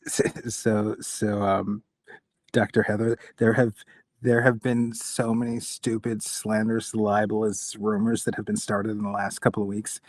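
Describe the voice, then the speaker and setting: A man's voice: on the low side, little pitch movement, a little slow, no echo, clean studio sound. A man hosting a live online talk space, chatty and joking, often restarting his sentences. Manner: chatty, joking, repeats words as he starts. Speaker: host.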